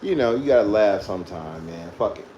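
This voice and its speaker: A man's voice: lowish voice, expressive, brisk, mellow, highs cut off, a little hiss or hum. A man casually telling a profane childhood story, laughing often as he goes. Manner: loose, profane, laughs through his story.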